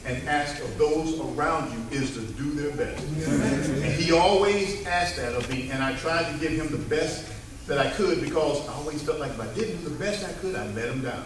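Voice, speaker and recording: A man's voice: a little high, normal speed, noisy background. A man speaking at his father's funeral, telling stories with emotion and calling out to the congregation. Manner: emotional, storytelling, calls out "Amen". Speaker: son giving a eulogy. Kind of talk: heartfelt funeral speech. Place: church service. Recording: echoey room, mic from far off.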